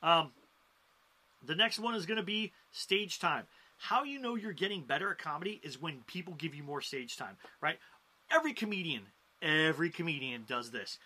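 Male host, casual to camera, bright slightly high voice, animated, punchy emphasis. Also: normal speed. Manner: animated, jumps in pitch and loudness for emphasis. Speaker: stand-up comedy coach and show host.

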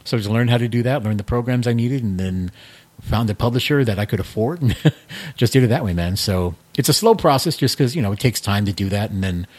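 A man in his thirties, a guest in a casual podcast chat, talking in a relaxed, rambling way with many fillers. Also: mid-range voice, fairly quick. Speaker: guest, comic creator.

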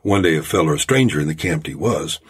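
A man's voice: extremely low pitch, expressive, fast, breathy edge, heavily acted. A man voicing a rambling old storyteller from a mining camp, with a folksy, drawling manner. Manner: folksy drawling tall-tale telling.

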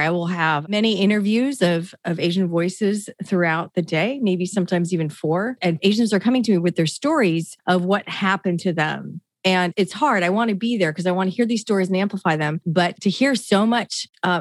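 A woman's voice: medium pitch, no room sound. Earnest woman activist, dry close sound. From Seattle area, United States. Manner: earnest, emphatic, fast-flowing. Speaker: guest, activist. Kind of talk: conversational interview.

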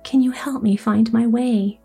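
A lost young girl, as a woman narrator puts her on, anxious and pleading. The voice sits a bit high and breathy. Soft music hums faintly in the background. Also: fairly even intonation, a little slow, full character voice.

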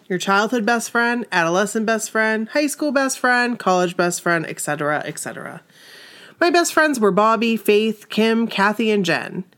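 A woman's voice: medium pitch, fairly bright tone. A middle-aged woman co-hosting a podcast, chatting casually and laughing often. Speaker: podcast co-host. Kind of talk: casual chat.

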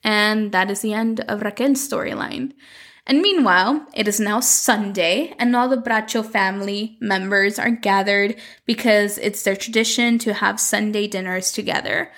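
A woman casually recapping a telenovela episode, quoting the characters in quick asides. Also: medium pitch, fairly bright tone. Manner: chatty, quotes characters in quick bits.

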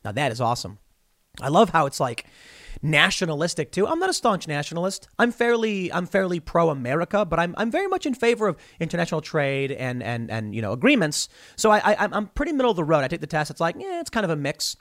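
A man hosting opinionated political commentary, animated and wry, with mocking asides. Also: on the high side, fast talker, dry recording, clean studio sound.

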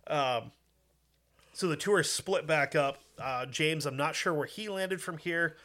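A man's voice: fairly high pitch, normal speed, fairly bright tone. A man from the United States telling a history story in a casual, profane, joking way with lots of fillers. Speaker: podcast host.

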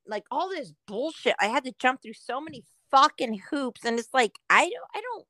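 A woman's voice: high-pitched, very animated, normal speed, few pauses, sharp tone, no room sound. A woman from Southern California co-hosting a podcast, speaking bluntly and with lots of swearing in casual chat. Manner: profane, blunt, laughs along. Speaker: podcast co-host.

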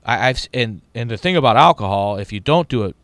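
Gruff, swearing man, bright and dry. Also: mid-range voice, expressive, fast talker, no room sound. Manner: profane, rambling, many restarts. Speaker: podcast host. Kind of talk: casual chat.

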